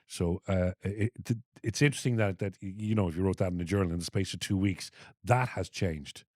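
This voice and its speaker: A man's voice: steady tone, brisk, a little mellow, no room sound, studio quality. An older man co-hosting a podcast, telling a story in casual chat and acting out the dialogue. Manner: storytelling, acts out dialogue with rising pitch. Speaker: podcast co-host.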